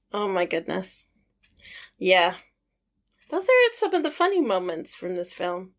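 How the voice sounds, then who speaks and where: A woman's voice: medium pitch, huge pitch swings, a little slow, long pauses. A woman co-hosting a movie podcast in casual chat, often giving short agreeing replies and laughing along. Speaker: podcast co-host.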